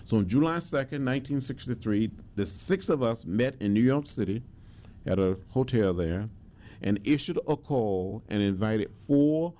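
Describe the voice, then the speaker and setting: An older man, telling his history slowly and with emphasis, pausing on his words. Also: mid-range voice, animated, mellow. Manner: measured storytelling with emphatic pauses and fillers. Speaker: interviewee, civil rights veteran. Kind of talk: reflective oral history interview.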